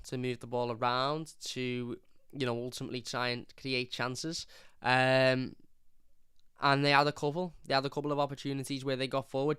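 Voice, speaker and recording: A man's voice: medium pitch, a bit bright, smooth, no echo, studio quality. A young man hosting a fan channel, giving a frank, rambling live review of a football match, often restarting his words.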